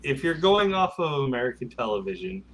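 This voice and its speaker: A man with a Midwestern accent chatting casually and joking in a deadpan way. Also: mid-range voice, brisk, poor audio. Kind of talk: casual group chat.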